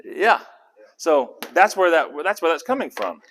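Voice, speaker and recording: A man leading a casual Bible study, animated and conversational, often asking the group questions. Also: a little high, a little slow.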